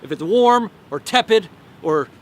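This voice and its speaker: A man, a life coach, telling an animated, folksy story to camera outdoors and drawing a lesson from it. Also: high voice, unhurried. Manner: animated, folksy, with repeated phrases.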